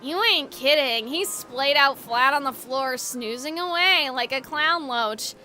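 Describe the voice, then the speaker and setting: A woman voicing a blunt, gruff young male student who talks in a low-key, curt way. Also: unhurried, bright, forceful tone, faint music behind.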